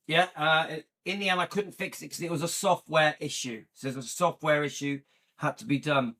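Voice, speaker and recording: A man's voice: fairly high pitch, steady tone, normal speed, bright, forceful tone. A man hosting his own channel, chatting casually and rambling with lots of fillers. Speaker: channel host. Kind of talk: casual chat to camera.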